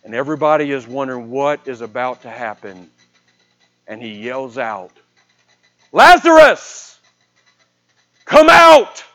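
A man preaching a sermon, retelling a scripture story with dramatic swings between a raised voice and a hushed one. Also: medium pitch, steady tone, moderate pace.

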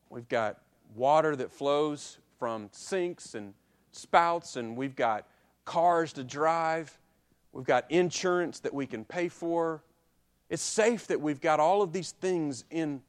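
Guy preaching a sermon, kinda high voice, gets loud then real quiet, keeps asking the crowd questions. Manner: builds to loud peaks, then drops low and quiet; repeated rhetorical questions, asks the congregation to answer. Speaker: pastor.

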